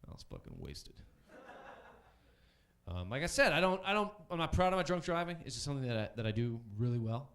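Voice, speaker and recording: A man's voice: fairly high pitch, sing-song, very fast, hardly any pauses, a bit bright. A man in his thirties doing a loose, self-mocking stand-up set on a comedy club stage.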